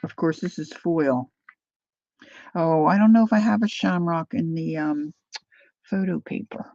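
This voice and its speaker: A woman's voice: low-pitched, a little slow, mellow, dry recording, dull audio. A woman hosting a casual live crafting demo, chatting as she thinks aloud and answers viewer comments. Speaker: craft livestream host.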